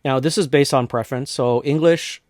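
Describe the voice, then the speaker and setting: A man from North America casually walking through a software tutorial step by step, with frequent restarts. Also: medium pitch, normal speed, no room sound, clean studio sound. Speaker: tutorial host. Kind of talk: screen-recorded software tutorial.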